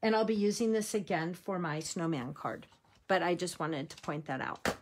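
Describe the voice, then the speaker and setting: Here a woman with a lowish, expressive voice and moderate pace leads a casual crafting tutorial. Cheerfully talking to her viewers, she pokes fun at herself as she works with her hands.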